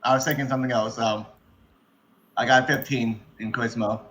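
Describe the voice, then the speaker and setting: A man's voice: medium pitch, steady tone, a bit bright, a little hiss or hum. A man playing a tabletop game, speaking hesitantly and in character at times. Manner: hesitant, halting. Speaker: player. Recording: dull lo-fi mic.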